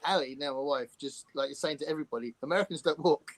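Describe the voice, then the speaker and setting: Animated English man telling stories. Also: on the high side, quick pace, no room sound. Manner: animated storyteller, chuckles often. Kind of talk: casual chat.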